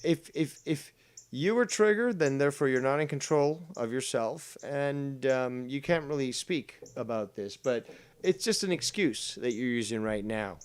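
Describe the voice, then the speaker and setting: A man's voice: medium pitch, lively intonation, normal speed, clean tone. A man hosting a live show, arguing combatively and mockingly with a guest and talking over him. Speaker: show host. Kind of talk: heated argument on a live stream.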